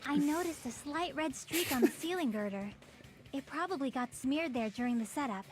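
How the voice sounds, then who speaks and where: An actress playing a calm young female student who explains evidence in a video game. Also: high-pitched, moderate pace, faint music behind. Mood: matter-of-fact.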